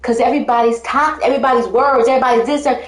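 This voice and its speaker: A woman's voice: fairly high pitch, fairly even intonation, rapid-fire, reverberant. A woman telling her life story in casual talk, rambling and emphatic, often breaking into laughter.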